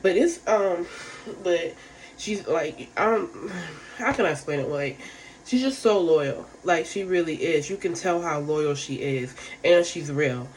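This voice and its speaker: A woman's voice: on the low side, lively intonation, measured pace, slight background noise. A woman giving a casual, rambling recap of a reality show, frank and profane, full of fillers.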